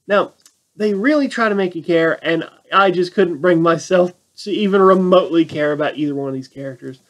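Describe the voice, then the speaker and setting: A man's voice: high-pitched, fairly quick. A man giving a casual, sarcastic film review rant and mocking the plot. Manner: sarcastic, acts out quotes in mocking voices. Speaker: movie reviewer.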